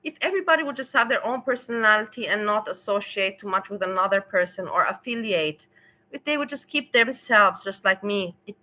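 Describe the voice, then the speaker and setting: A woman's voice: mid-range voice, sharp tone, low-quality recording. A woman who speaks English as a second language, giving blunt, rambling opinions while livestreaming. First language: not English. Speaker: streamer. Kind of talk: casual livestream commentary.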